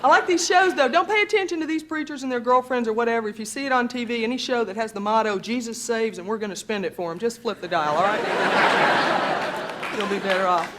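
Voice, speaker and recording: A woman with a Southern American accent performing stand-up comedy, wry and sassy with a drawl. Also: fairly high pitch. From Georgia, US South. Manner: wry, sassy delivery with a drawl, pausing for laughs. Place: TV studio stage with live audience. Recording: noisy broadcast TV recording with loud audience. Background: audience laughter and applause.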